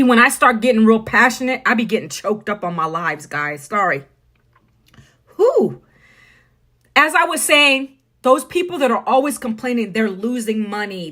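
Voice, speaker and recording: A woman's voice: a little high, fairly bright tone. A middle-aged woman from the United States, talking bluntly and preachily to viewers on a phone live stream. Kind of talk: casual live-stream monologue.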